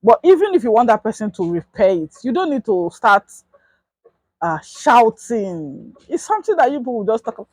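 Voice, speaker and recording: Young Nigerian woman vlogger, husky voice, close and dry, lively storyteller. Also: a little high, moderate pace, no room sound, poor audio. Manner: animated, acts out quotes in raised voice. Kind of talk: casual storytime.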